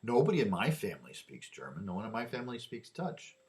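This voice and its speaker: A man's voice: on the low side, very animated, fast, darkish tone, a little hiss or hum. A man delivering a rambling opinion monologue, often repeating and restarting his words.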